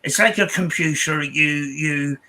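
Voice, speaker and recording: A man's voice: a little high, a little slow, sharp tone, low-quality recording. A man hosting a podcast, telling a story in casual chat, rambling with many restarts and "I says". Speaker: podcast host.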